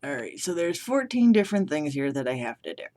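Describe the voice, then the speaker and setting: A man's voice: a little high, sing-song, brisk, darkish tone. A young man from Massachusetts with a worn-out voice, doing a casual accent challenge vlog in a self-deprecating, hesitant way. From Massachusetts, United States. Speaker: vlogger. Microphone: camera below the monitor.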